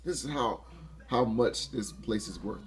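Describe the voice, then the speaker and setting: A man giving a casual motivational talk to camera, excitable, laughing often and restarting his phrases. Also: mid-range voice, unhurried. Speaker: motivational vlogger.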